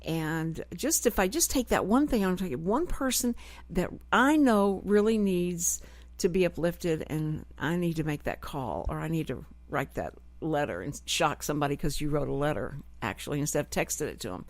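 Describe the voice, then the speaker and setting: A middle-aged woman hosts a casual talk show from a radio studio, speaking in a deep voice at a moderate pace. She chats expressively with no filter and acts out the voices of people she quotes. There's no echo on the recording.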